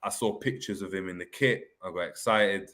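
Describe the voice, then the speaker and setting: This young host has a London accent and a deep yet fairly bright voice. Rattling along in quick slang, he runs a laid-back live stream and reads chat comments aloud.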